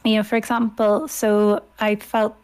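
A woman's voice: medium pitch, level tone, a little slow, a little mellow, smooth. A woman in her thirties with an Irish accent, a scholar speaking in a toned-down posh telephone voice as a podcast guest. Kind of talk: podcast conversation.

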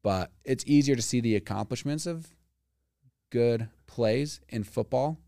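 A man's voice: medium pitch, unhurried, creaky, mellow, no echo, studio quality. A man co-hosting a casual podcast chat, rambling and thinking aloud with fillers. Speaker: podcast co-host.

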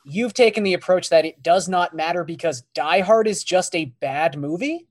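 Dry-witted, measured man. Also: high-pitched. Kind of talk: casual chat.

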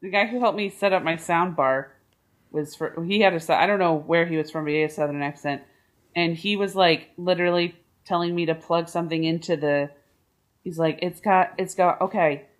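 A woman co-hosting a podcast in casual chat, who tells anecdotes in an animated way. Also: fairly low pitch, brisk. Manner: animated, acts out anecdotes in voices. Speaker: podcast co-host.

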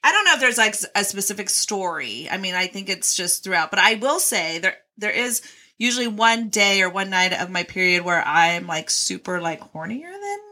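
A woman's voice: mid-range voice, very animated, normal speed, pushed and bright. A young woman in frank casual chat, blunt and profane, laughing often.

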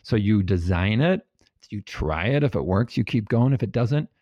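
A man being interviewed as a guest researcher, explaining ideas in a calm, practical and lightly playful way. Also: fairly low pitch, normal speed, dry recording, highs cut off.

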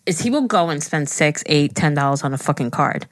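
A woman's voice: low-pitched, brisk. A woman, co-hosting a podcast in casual chat, talkative and laughing often. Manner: chatty, laughs often, gets teary and excited. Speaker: podcast co-host.

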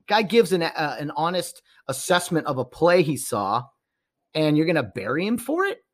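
A man's voice: a little high, sing-song, normal speed. A man hosting a sports podcast in casual talk, laughing often, agreeing and asking his co-host questions.

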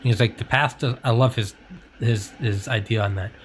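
A man's voice: mid-range voice, fairly even intonation, moderate pace, slight background noise. A young man hosting a podcast in casual chat, rambling and swearing, laughing often. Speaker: podcast host.

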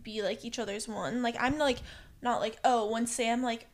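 A woman's voice: a little high, steady tone, normal speed. A woman in her twenties chatting candidly with friends, speaking in a loose, chatty way full of "like". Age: 20s. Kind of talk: casual chat among friends.

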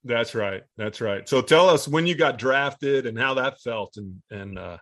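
Guy hosting an interview, mid pitch, dry close sound, short "yeah"s and easy questions. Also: animated, a little slow, a bit bright, no echo. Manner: brief affirmations and easygoing questions. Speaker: interview host. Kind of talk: casual interview.

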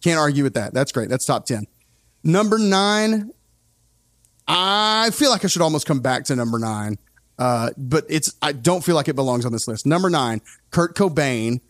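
A man hosting a casual music podcast. He talks in an opinionated, animated way and often breaks off his own sentences. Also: mid-range voice, normal speed, dry recording, studio quality. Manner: opinionated, animated, self-interrupting. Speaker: podcast host.

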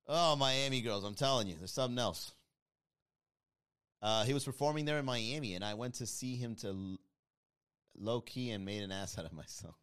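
A man's voice: medium pitch, moderate pace, pauses often, clear, resonant tone. A man hosting a podcast live stream, chatting casually with viewers and reading comments in a joking, mocking way. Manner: animated, joking, mocking with playful put-on voices.

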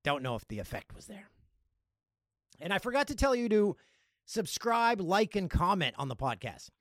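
A Canadian man hosting a casual solo podcast, jokey and animated, with loud playful outbursts. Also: sits high, normal speed, no room sound, studio quality. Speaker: podcast host.

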